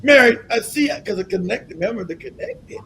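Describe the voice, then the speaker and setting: A man hosting a live stream, ranting in an animated, incredulous way, swearing freely and breaking into laughter. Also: very high-pitched, fast, vocal fry, a little hiss or hum. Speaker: livestream host.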